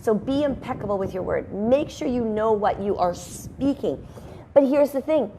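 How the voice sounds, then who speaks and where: A woman's voice: a little high, expressive, normal speed, mellow, a little hiss or hum. A woman hosting a casual motivational talk from her home, chatty and rambling with frequent sidebars. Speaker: host. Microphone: headphones and microphone at a video call setup.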